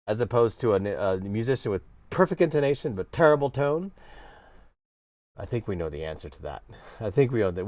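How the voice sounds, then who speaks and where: A man teaching a casual cello lesson, talking in an animated, playfully emphatic way with sudden exclamations. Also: mid-range voice, dry recording. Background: cello playing.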